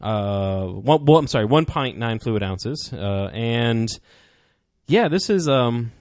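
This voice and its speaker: A man's voice: medium pitch, lively intonation, takes it slowly, a little mellow, dry recording, studio quality. A man co-hosting a casual beer podcast, rambling and hesitating with many fillers. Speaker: podcast co-host.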